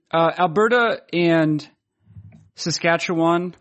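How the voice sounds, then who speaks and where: A man's voice: on the high side, takes it slowly, fairly bright tone. Dry, mock-formal male podcast host. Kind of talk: casual podcast chat and read sponsor ad.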